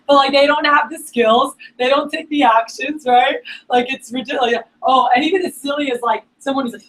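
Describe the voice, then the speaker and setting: A woman speaking at a staff meeting, telling a motivational story in a casual, animated, slangy way with lots of fillers. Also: high-pitched, brisk, hardly any pauses, rough recording. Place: meeting room.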